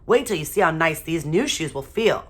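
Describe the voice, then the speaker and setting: A woman's voice: deep voice, animated, normal speed. A woman voicing a patient, cheerful male shoe salesman.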